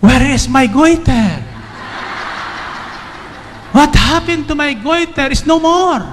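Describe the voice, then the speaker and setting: An amazed woman teacher cries out in a high, squealing voice, as a male preacher puts her on. The voice climbs sharply and rings with delight. It echoes through a large hall with a long reverb tail. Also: slow, a bit bright, slight background noise, exaggerated voice. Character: excited woman teacher whose goiter vanished.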